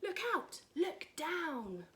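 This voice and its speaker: A woman voicing a gentle, soft-hearted young tyrannosaurus who would rather eat plants. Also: fairly high pitch, big pitch swings, a little slow. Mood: earnest.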